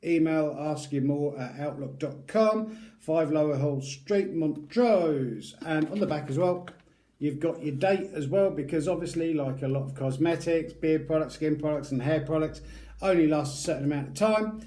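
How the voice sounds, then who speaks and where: A man's voice: on the high side, normal speed, mellow. Chatty man doing an unboxing review. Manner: rambling, chatty, jokey asides. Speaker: product reviewer.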